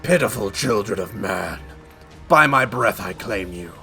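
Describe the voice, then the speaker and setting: A towering fire god, put on by a man speaks in grand archaic proclamations, full of wrath. The pitch swings widely through each line. Faint game music plays underneath. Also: expressive, unhurried, creaky, bright, forceful tone, heavily acted. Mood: commanding.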